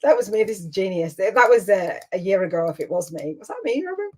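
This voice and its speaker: A woman's voice: on the low side, brisk, darkish tone. A middle-aged woman hosting a casual online coaching session, talking in a chatty, emotional, rambling way with many restarts. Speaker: business coach and host.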